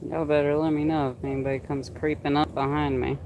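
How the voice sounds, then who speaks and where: A woman chatting casually with viewers on a live stream in an animated way. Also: sits low, quick pace, a little hiss or hum, low-quality recording. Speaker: livestreamer.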